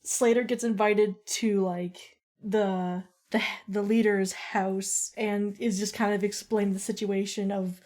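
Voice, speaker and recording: A woman's voice: mid-range voice, little pitch movement, measured pace, hardly any pauses, a little mellow. A woman, a player in a tabletop game, rambling through her character's scene with many filler words. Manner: rambling, heavy with "like".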